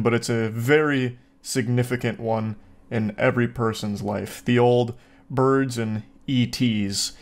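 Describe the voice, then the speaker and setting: A man in his thirties giving casual, sarcastic reaction commentary, swearing freely and mocking what he watches. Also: medium pitch.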